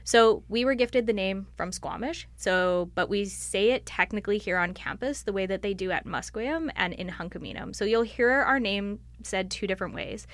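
A woman's voice: mid-range voice, moderate pace, hardly any pauses, fairly bright tone, no echo. A woman on staff answering interview questions in a thoughtful, explanatory way, often using "like" as a filler. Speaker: library staff member.

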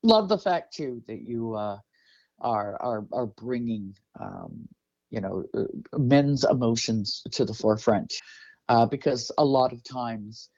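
A man's voice: medium pitch, big pitch swings, takes it slowly, creaky, darkish tone, no echo. A man hosting an interview in a casual, rambling way, full of fillers and restarts. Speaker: interview host. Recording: dull, dry lo-fi audio.

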